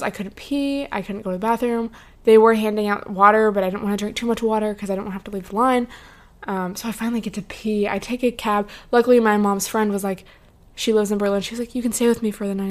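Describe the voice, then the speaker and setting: A young woman hosts her podcast and tells a travel story alone at the mic. She talks in a loose, chatty way, with many fillers and a few swear words, at a middle pitch. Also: fairly even intonation, fast talker. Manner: chatty, lots of "like" and "um", swears freely. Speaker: podcast host. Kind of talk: casual storytelling monologue.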